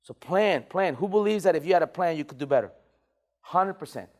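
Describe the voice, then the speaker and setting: A man leading a motivational sales training, energetic and repetitive, calling on the room to answer back. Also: on the high side, a little fast. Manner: energetic, repeats phrases, call-and-response.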